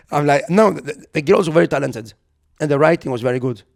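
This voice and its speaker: A young man co-hosting a podcast, telling an anecdote in casual chat, animated and acting out the quotes, sometimes swearing. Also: fairly high pitch, moderate pace, vocal fry. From Europe. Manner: animated storyteller who acts out quotes, swears. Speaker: podcast co-host.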